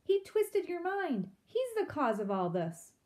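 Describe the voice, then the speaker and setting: A gloomy, self-pitying father mouse from a storybook, as a woman reader puts him on. He talks mournfully and snaps with bitterness, in a warm, dark-leaning voice. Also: mid-range voice, normal speed, close to an everyday voice. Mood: bitter. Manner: mournful, sulky, snapping.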